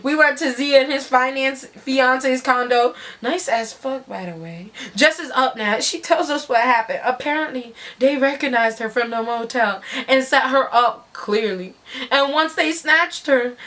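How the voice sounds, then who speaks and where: A woman giving an animated dramatic reading of a story, swearing freely and breaking into shouts. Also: fairly high pitch.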